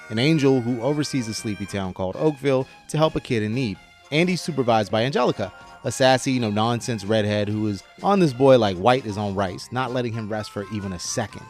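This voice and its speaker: A man in his thirties hosting a commentary video, casual and a bit sardonic, slipping into a radio voice when reading his script. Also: mid-range voice. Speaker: host.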